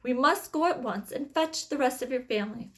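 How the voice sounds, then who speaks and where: A woman reading aloud, voicing a whimsical, excitable man who makes candy, in a brisk, cheerful tone. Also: high-pitched, natural voice.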